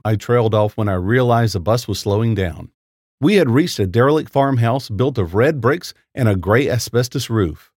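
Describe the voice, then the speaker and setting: A man narrating a first-person horror story in a lively, expressive storytelling voice. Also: medium pitch, normal speed, no room sound, clean studio sound. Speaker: story reader.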